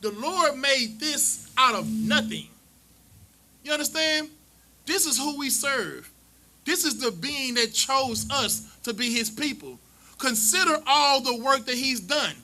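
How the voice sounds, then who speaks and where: A man's voice: extremely high pitch, animated, measured pace, bright, forceful tone, low-quality recording. A man teaching scripture to a class in a preachy, mocking, conversational way. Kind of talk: street-style scripture teaching.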